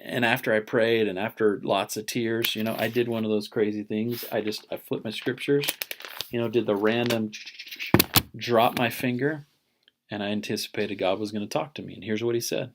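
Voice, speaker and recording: Earnest, halting man telling a story. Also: on the low side, fairly even intonation, a little hiss or hum. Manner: earnest, halting with many restarts. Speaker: religion teacher. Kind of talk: personal story told to a class.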